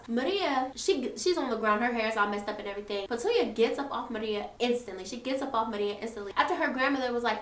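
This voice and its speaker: A young woman telling a storytime to her viewers, animated and full of swearing, chatting to the audience as y'all. Her voice is high, and the room around her is echoey. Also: fairly quick, hardly any pauses. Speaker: storytime vlogger. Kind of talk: casual storytelling.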